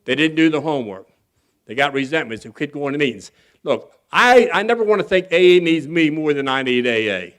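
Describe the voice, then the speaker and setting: A man's voice: fairly high pitch, animated, a little fast, fairly bright tone. Folksy man telling his recovery story. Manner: folksy, candid and earnest with a bit of humor; acts out other people's voices when quoting them. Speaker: guest speaker at a recovery convention. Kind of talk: personal recovery story talk.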